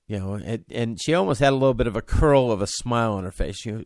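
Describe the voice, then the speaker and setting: A man's voice: mid-range voice, lively intonation, fast talker, hardly any pauses, no echo, studio quality. A man in his forties, a podcast host, telling a personal story with many restarts and fillers.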